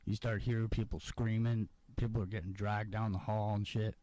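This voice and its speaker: A man's voice: lowish voice, little pitch movement, moderate pace, dark tone, dry recording, low-quality recording. A man hosting a casual late-night talk show, jokey and rambling. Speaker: podcast host. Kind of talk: casual chat.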